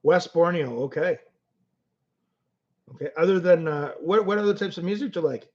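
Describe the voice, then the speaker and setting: A high-pitched man with a darkish tone hosts a casual Canadian livestream at a normal speed. He reads comments, chats with viewers, and restarts often as he rambles through stories. The stream sound is dull and lo-fi.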